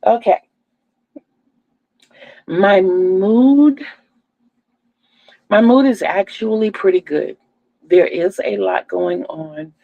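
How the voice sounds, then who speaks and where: Slow, gravelly older woman. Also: mid-range voice, no room sound, narrow, tinny audio. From Virginia, USA. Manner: chatty, homey, speaks to viewers as "y'all". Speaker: crochet channel host. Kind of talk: casual livestream chat.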